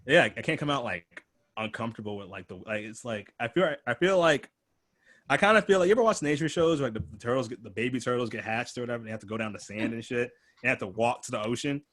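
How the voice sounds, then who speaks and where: A man's voice: medium pitch, animated, fast talker, fairly bright tone. Laid-back young man hosting a podcast. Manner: loose, rambling, laid-back, heavy filler words. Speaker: podcast host. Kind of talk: casual conversational podcast.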